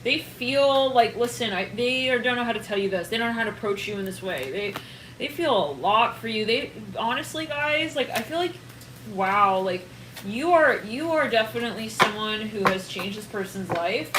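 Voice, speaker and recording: Excitable rambling woman reading tarot. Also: on the high side, normal speed, reverberant, noisy background. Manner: excitable, rambling, laughs often and trails off. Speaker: tarot reader. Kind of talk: casual tarot reading to camera.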